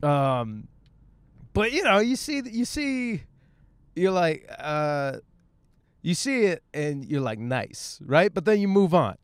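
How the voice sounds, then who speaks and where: A man's voice: fairly high pitch, sing-song, takes it slowly, clean tone, no room sound. Rambling, profane thirties man talking while driving. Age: 30s. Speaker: podcast host. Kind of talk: casual monologue while driving. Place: in a car.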